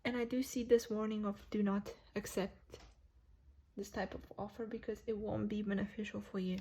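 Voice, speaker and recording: A woman's voice: mid-range voice, flat delivery, normal speed, warm tone, slightly rough. A woman giving a casual tarot reading to viewers, chatty, laughing often and correcting herself as she goes. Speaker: tarot reader.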